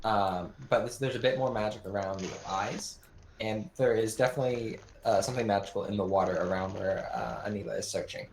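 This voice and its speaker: Hesitant game master with a roomy echo. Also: male voice, on the low side, brisk, a little hiss or hum. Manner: hesitant, many fillers and restarts. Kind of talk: running a tabletop game over voice chat. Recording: echoey room with faint clicks.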